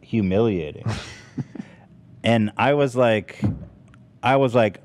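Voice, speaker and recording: A man chatting casually with podcast crew members, emphatic and expressive, laughing as he tells a story. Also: mid-range voice, slow pace, long pauses. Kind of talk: casual chat.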